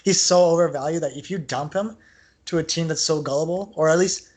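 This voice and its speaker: A man co-hosting a podcast in casual sports chat, talking in an animated, rambling way with lots of filler words. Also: a little high, a little fast. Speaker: podcast co-host.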